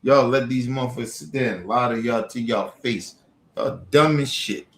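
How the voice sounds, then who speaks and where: A man in an angry, profane rant, repeating himself, swearing constantly, swinging from near-shouts down to low mutters. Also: normal speed, roomy sound. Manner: heated, repetitive, swears constantly, rising to near-shouts then dropping low. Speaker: streamer ranting on camera.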